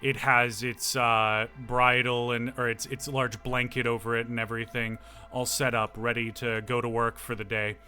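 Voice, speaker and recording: A man's voice: medium pitch, flat delivery, moderate pace, hardly any pauses, sharp tone. A man narrating as game master of a tabletop game, descriptive with many fillers.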